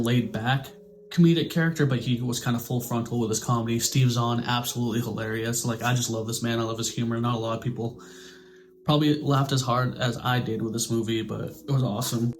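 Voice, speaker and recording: A man casually reviewing a movie, swearing now and then and jumping into quick impressions of the characters. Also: mid-range voice, slight background noise. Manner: animated, acts out characters' lines in quick impressions.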